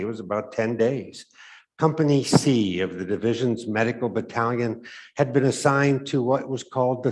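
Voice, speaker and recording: A man with a low-pitched voice tells a story aloud, measured and reflective. He lets his phrase ends drop away quietly. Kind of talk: story read aloud for Advent.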